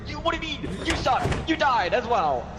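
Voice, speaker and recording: A man yelling back excitably at friends in gaming voice chat. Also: very high-pitched, moderate pace, a crowd in the background. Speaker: gamer.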